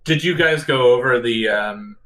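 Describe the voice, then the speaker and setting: A man's voice: mid-range voice, normal speed, a bit bright. A man co-hosting a podcast, explaining his side of a story in a laughing, defensive manner. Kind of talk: casual chat.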